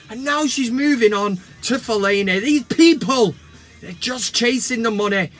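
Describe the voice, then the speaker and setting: Man, high voice, sweary mocking football rant, faint music behind. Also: sharp tone. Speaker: vlog host. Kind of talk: casual comedic football rant.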